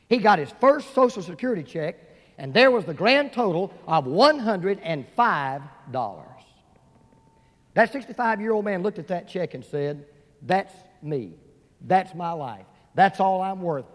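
A man with a notably high voice preaches from the pulpit, telling stories with lively acted-out voices. His words ring through a large church sanctuary, trailing a long echo. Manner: storytelling preacher who acts out quoted voices. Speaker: pastor. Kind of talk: sermon. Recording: long reverb of a large hall.

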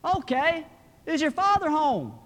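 A man voicing an eager, insistent male telemarketer who fires off loud questions, in an echoey hall. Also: extremely high pitch, huge pitch swings, unhurried, voice pushed up, full character voice.

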